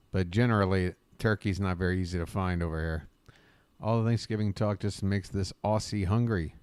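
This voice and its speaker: Living abroad in Bangkok, this man from the United States runs a live stream from home, casually rambling, greeting viewers by name, and cursing now and then. His voice sits low with a clean tone, and there's no room sound.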